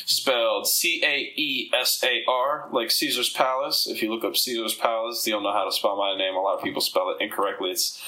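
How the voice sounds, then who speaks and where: Bright-voiced man, rambling and profane. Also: fairly low pitch, fairly even intonation, fairly quick, few pauses, rough recording. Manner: rambling, profane, laughs while telling stories. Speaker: comedian guest. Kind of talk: casual podcast chat.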